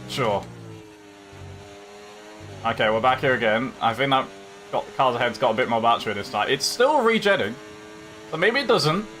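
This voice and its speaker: A man's voice: mid-range voice, moderate pace, long pauses, faint music behind. A young man commentating his own sim race live, chatting to opponents and viewers as he drives. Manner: animated, talks to other drivers and chat while racing. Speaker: sim racing streamer.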